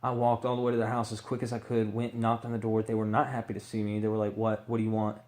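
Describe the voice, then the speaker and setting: A man's voice: medium pitch, monotone, fast talker, a little mellow. A man candidly telling his own addiction recovery story, rambling and swearing freely as he acts out what people said.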